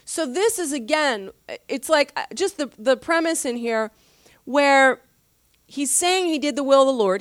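A woman's voice: high-pitched, a little slow, dry recording, studio quality. Chatty woman pastor teaching Scripture. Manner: conversational, chatty with frequent laughs and fillers; animated, slangy asides. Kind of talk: casual Bible teaching.

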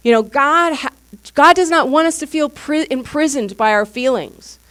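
At a church service, a woman pastor with a slightly higher, fairly bright voice preaches a teaching sermon to her congregation. She's animated and speaks at a moderate pace, keeping it candid and conversational rather than lecture-like, and acts out what others said.

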